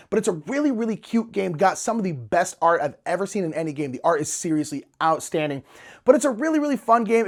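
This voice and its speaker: A man casually and enthusiastically reviewing board games in a chatty vlog, with plenty of fillers. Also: high-pitched.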